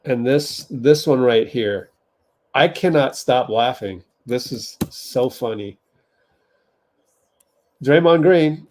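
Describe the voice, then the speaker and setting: A man hosts a casual livestream watch party from his desk. He speaks slowly in a mid-pitched voice, laughing often as he chats with viewers. Keyboard typing clicks away behind him. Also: a little mellow. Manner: laughs often, talks to chat while typing.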